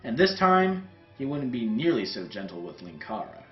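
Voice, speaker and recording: Animated man reading fanfic comically. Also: mid-range voice, normal speed. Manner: animated, wry delivery. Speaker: host. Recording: roomy, dull sound, faint music.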